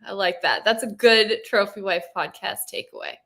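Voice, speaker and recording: A woman's voice: mid-range voice, expressive, moderate pace, gravelly, fairly bright tone. A woman hosting a podcast in a casual interview, enthusiastic and affirming toward her guest. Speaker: podcast host.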